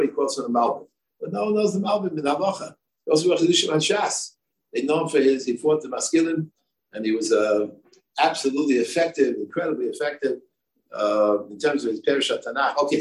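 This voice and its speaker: Older rabbi lecturing in a roomy space. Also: male voice, mid-range voice. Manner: discursive, many fillers and asides. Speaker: rabbi and yeshiva head. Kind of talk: Torah lecture. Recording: echoey room, distant mic, faint ambience.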